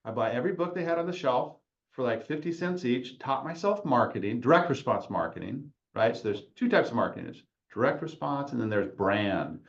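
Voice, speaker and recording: A man in his forties tells his career story on a podcast, rambling and correcting himself as he goes. His voice sits at an ordinary middle pitch. The recording sounds a little muffled and lo-fi. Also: animated, brisk. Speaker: podcast host, chiropractor. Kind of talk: casual storytelling.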